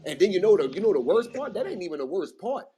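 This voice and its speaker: A man from Mississippi telling a rambling, animated story in casual chat, swearing freely and acting out what people said. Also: high voice, fast, highs cut off. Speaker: regular panelist. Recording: noisy audio-chat recording.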